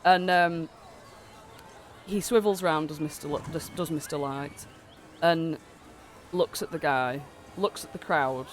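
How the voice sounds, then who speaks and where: A man's voice: on the high side, a little hiss or hum. A man narrating as game master of a tabletop game, rambling with lots of fillers while he has a cold.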